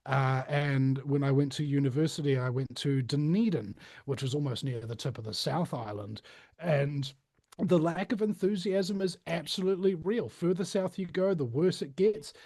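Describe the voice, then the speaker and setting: A man's voice: a little high, normal speed, darkish tone, no room sound. A New Zealand man in his thirties, chatting loosely in an interview with lots of fillers and restarts. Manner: rambling, many fillers and restarts. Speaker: podcast host. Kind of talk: casual interview chat.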